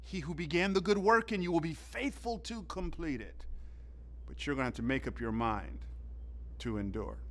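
A middle-aged man from the South, preaching a sermon with animated storytelling and loud bursts for effect. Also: fairly high pitch, normal speed, slight background noise. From southern United States. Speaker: pastor.

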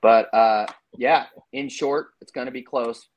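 A man's voice: medium pitch, measured pace. A man co-hosting a podcast, giving his betting picks in loose, chatty talk full of fillers and asides. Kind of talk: casual sports-betting chat.

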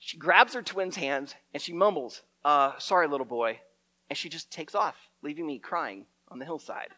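A middle-aged man telling a story as a preacher, animated and often repeating his words. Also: a little high, moderate pace. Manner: lively storyteller, acts out shouted quotes, stumbles and repeats words.

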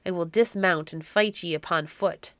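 A woman's voice: lowish voice, moderate pace, fairly bright tone, dry recording, natural voice. A woman reading as a stern proud knight. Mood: defiant. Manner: solemn old-fashioned speech, bold challenges. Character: stern middle-aged male knight, grim and proud.

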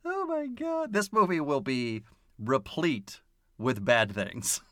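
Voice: mid-range voice, animated, dry recording, studio quality. A podcast co-host who mostly laughs and drops in amused, brief remarks. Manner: laughing, slow, amused interjections. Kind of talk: casual movie review chat.

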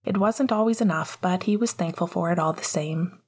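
Soft, breathy woman reading a story. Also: lowish voice, brisk. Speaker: audiobook narrator. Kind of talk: reading fan fiction aloud.

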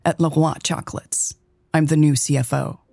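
A woman's voice: sits low, steady tone, normal speed, vocal fry, mellow, dry recording, faint music behind. A woman reading the lines of a defensive, sarcastic young businesswoman talking back to her mother. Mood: firm.

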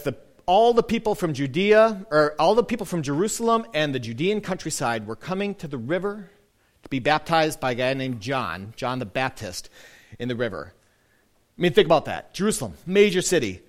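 A male pastor giving a casual, conversational sermon, slowing down and softening for quoted lines. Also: on the high side. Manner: lively, conversational preaching with soft, slowed quoted lines.

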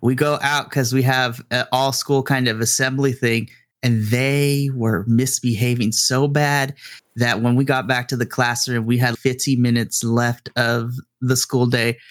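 Give me a man co-hosting a teacher podcast, telling a classroom story with blunt, animated frustration. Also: mid-range voice, measured pace, no echo, clean studio sound. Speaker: middle school teacher and podcast co-host. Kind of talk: casual podcast chat.

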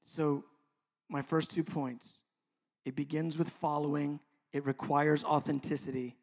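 A middle-aged man preaching a sermon as pastor, impassioned and then soft and intimate by turns. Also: a little high, flat delivery, a little slow.

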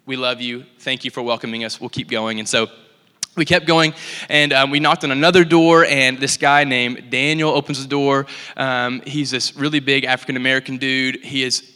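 A young man tells stories from the stage of a church in a loose, chatty way, with plenty of likes and ums. His voice is bright and forward, and a long hall reverb trails after each phrase. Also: medium pitch, moderate pace, clear, resonant tone. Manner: casual, animated, full of likes and ums. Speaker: church speaker. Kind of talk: storytelling sermon talk.

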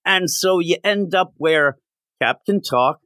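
Animated man reviewing comics. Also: a little high, takes it slowly, dry recording. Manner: animated, acts out quoted characters. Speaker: podcast co-host. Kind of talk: casual comic book review chat.

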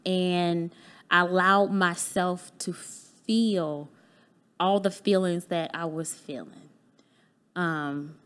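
A woman guest on a podcast candidly recounting a personal experience, acting out remembered conversations in a heartfelt, earnest way. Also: on the low side. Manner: candid, acts out remembered dialogue. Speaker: podcast guest, business owner. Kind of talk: personal storytelling in a podcast interview.

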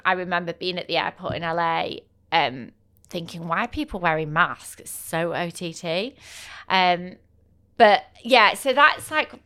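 English woman in her thirties, solo podcast host, crisp and clear, loose storytelling with fillers. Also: mid-range voice, bright, forceful tone. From England. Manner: chatty and candid, many fillers and asides.

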